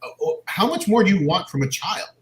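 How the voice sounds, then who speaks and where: Lively Californian man, roomy sound. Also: sits high, brisk. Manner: animated, laughs often. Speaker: co-host. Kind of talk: casual chat. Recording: roomy echo, faint background noise.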